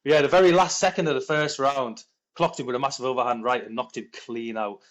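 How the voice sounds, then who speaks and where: A man in his thirties, a former paratrooper, telling a story as a podcast guest in lively, quick bursts, acting out what people said. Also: mid-range voice, lo-fi sound. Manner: animated, quick storytelling with acted-out quotes. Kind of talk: conversational storytelling.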